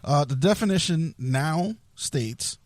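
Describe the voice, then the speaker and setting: A man's voice: fairly high pitch, animated, slow, no echo. A man hosting a casual podcast, reading an article aloud and stumbling over long words. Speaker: podcast host.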